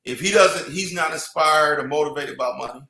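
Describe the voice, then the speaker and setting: Bright, high-ish man rambling in an echoey room. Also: normal speed, slight background noise. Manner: rambling, lots of restarts and "you know". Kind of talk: casual chat.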